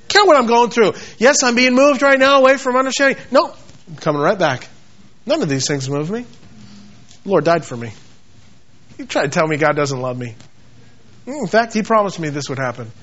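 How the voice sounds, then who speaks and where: A man's voice: very high-pitched, a bit bright. A man preaching a sermon with passion, repeating phrases and acting out quoted scripture. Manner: passionate, repetitive, quotes scripture in acted voices. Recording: dull lo-fi sound.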